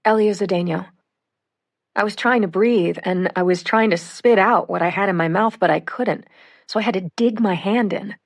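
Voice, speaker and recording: A woman reading first-person witness accounts for an audiobook in a measured way. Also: mid-range voice. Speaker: audiobook reader.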